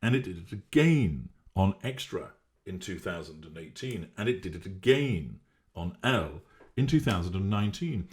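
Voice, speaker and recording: A man giving a measured, emphatic, lecturing analytical monologue. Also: low voice. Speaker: commentator on narcissism.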